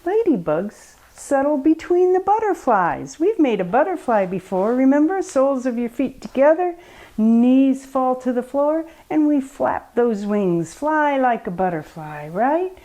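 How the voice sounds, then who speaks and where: Female yoga teacher for children; soft, slow, mellow voice, gently coaxing bedtime instructions. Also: high voice, sing-song, low-quality recording. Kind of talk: guided children's yoga story time.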